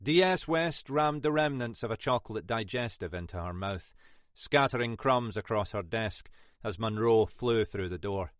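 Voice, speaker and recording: A man narrating a crime audiobook in a low, measured, understated manner. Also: no room sound, studio quality. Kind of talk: scripted narration.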